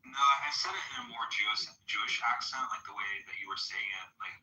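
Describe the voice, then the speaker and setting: A man with a lowish but very bright voice rambling in a casual audio-room chat, filling his speech with "like". He sounds distant from the mic, and the audio is echoey. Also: wildly swooping pitch, quick pace, lo-fi sound. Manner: rambling, heavy use of "like".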